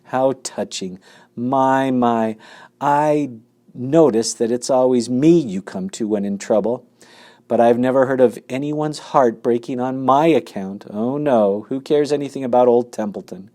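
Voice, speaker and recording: A man's voice: mid-range voice, unhurried, mellow, close to an everyday voice. Man doing a sarcastic, grumbling rat. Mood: mocking. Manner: sarcastic, mocking. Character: grumbling, sarcastic male rat, lazy and selfish.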